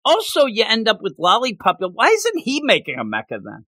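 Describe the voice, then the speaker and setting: A man in casual chat, excitably ranting in disbelief and slipping into quick put-on character voices. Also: high-pitched, no room sound, studio quality. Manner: excitable, incredulous, often acts out characters in jumpy voices. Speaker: podcast co-host. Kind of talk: casual chat reacting to a manga chapter.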